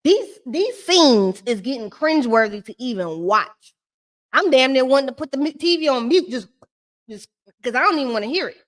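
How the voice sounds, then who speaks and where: A high-voiced woman holds court on a live stream, recapping a reality show in a loose, chatty way. She is sassy and shady, ranting at the people on screen. Her voice sits up high and stays lively. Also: normal speed. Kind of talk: casual live-stream commentary.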